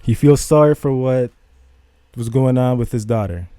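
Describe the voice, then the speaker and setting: A subdued man comments quietly on a video he is watching, speaking casually and without hurry. His voice is dark and mellow. Faint music plays underneath. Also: medium pitch, normal speed, dry recording.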